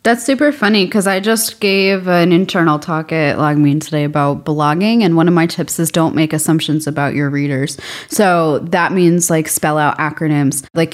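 A woman co-hosting a podcast with a slightly low voice. She chats loosely and giggles at her own slips. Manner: giggly, chatty, self-teasing. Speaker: podcast co-host. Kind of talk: casual chat.

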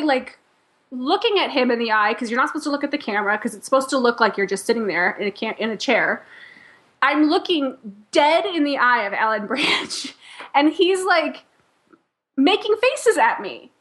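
A woman talks through a story in a loose, chatty way. She peppers her lines with "like" and breaks into laughs. Her voice sits a little high. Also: fairly bright tone. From Chicago. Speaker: podcast guest, company founder. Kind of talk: casual chat.

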